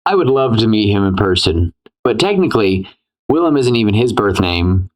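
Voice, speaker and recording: A man's voice: fairly low pitch, sing-song, moderate pace, low-quality recording. A man co-hosting a casual movie discussion podcast, retelling scenes animatedly and acting out reactions with rambling restarts. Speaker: podcast co-host.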